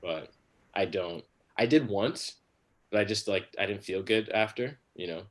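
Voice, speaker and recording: A man's voice: fairly low pitch, a little slow, fairly bright tone. A man doing a rambling, crude stand-up set on a livestream, full of fillers and restarts. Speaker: stand-up comedian.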